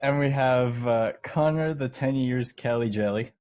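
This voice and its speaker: A man's voice: mid-range voice, measured pace, darkish tone, clear, resonant tone, muffled recording. A man hosting a casual podcast, introducing his friends with jokes. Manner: joking introductions. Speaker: podcast host.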